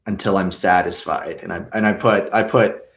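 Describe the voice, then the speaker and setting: Young guy in an interview, kinda low voice, earnest, keeps restarting sentences. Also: steady tone, moderate pace, vocal fry, a bit bright. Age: young adult. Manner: earnest, with many restarts and stammered repeats. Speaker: guest actor. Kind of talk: casual interview answers.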